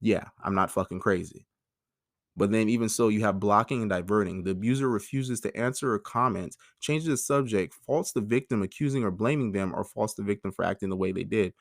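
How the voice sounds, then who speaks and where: Talking fairly quickly in a lowish voice, a thirty-something podcast host delivers a raw personal monologue, openly emotional and swearing a lot. The sound is studio quality with no echo.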